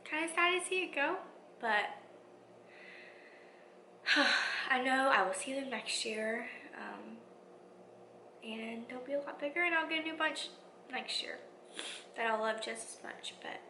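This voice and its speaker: A woman schoolteacher talking in a reflective vlog, soft and heartfelt, often dropping to a near whisper. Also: a little high, slight background noise. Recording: echoey room.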